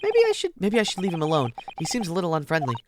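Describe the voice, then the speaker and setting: A woman's voice: on the low side, huge pitch swings, rapid-fire, a little hiss or hum. A woman voicing an earnest young male lawyer, hesitant and bewildered. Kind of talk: game dialogue read aloud.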